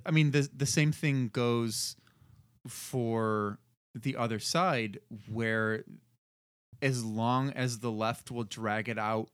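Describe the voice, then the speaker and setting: A man's voice: mid-range voice, no room sound, clean studio sound. A man co-hosting a casual podcast chat, rambling and groping for words, often laughing at himself. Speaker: podcast co-host.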